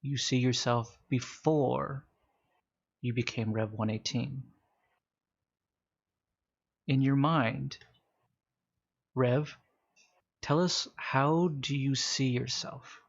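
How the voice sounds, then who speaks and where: A man running a tabletop game as game master, narrating casually with fillers and slowing down for calm scenes. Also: mid-range voice, gravelly, husky, muffled recording.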